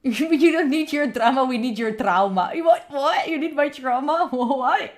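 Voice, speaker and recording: With a high-pitched voice and a slightly slow delivery, this young adult study streamer from Italy chats casually with her audience. Her Italian accent comes through as she laughs often and responds to viewers' questions.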